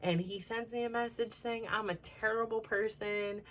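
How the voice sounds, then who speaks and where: A woman's voice: fairly high pitch, fairly even intonation, moderate pace, slight background noise. A middle-aged woman hosting a self-improvement show, telling a personal story in a rambling, casual way full of "like" and "you know" and restarts. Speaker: self-improvement podcast host.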